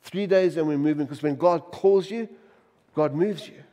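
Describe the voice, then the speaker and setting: A middle-aged man preaching a sermon to his church, emphatic, firing off repeated rhetorical questions and swinging between loud and soft. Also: fairly high pitch, normal speed. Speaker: pastor. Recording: long reverb of a church hall.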